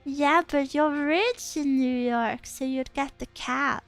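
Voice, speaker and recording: A woman's voice: high voice, takes it slowly, faint music behind. A young woman from England chatting casually as a streamer, rambling and giggling as she tells stories. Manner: giggly, rambling, animated storytelling. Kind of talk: casual chat reading viewer comments.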